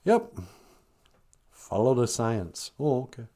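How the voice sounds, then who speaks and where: A male podcast host talks in a dry, sarcastic comic manner. His voice sits at an average pitch. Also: wildly swooping pitch, slow, dark tone. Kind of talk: comedic podcast monologue.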